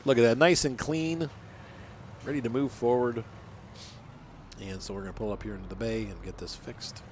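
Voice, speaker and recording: A man's voice: medium pitch, fairly even intonation, normal speed, background noise. Chatty man narrating his gameplay. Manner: chatty, rambling, teasing banter. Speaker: gaming channel host. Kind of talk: casual let's-play commentary.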